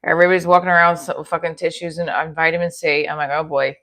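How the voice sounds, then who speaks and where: A woman's voice: deep voice, steady tone, fast talker, a bit bright. Jersey lady in her 40s, casual kitchen livestream chat, reading comments and chatting back. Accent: New Jersey. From New Jersey. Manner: chatty, reads and answers comments aloud. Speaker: comedian livestreaming. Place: home kitchen.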